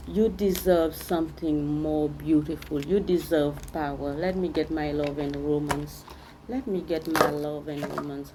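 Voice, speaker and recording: Brief: woman tarot reader, low voice, emphatic and repetitive, faint hiss behind. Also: a little mellow, poor audio. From Seychelles. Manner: emphatic, repeats phrases, speaks directly to the viewer. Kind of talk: spiritual tarot reading.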